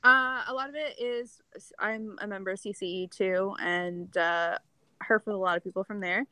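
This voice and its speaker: A woman's voice: mid-range voice, steady tone, normal speed, bright, forceful tone, clean tone, dry recording, rough recording. A woman with a Canadian accent, a podcast guest chatting casually, full of "like" fillers. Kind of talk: casual chat.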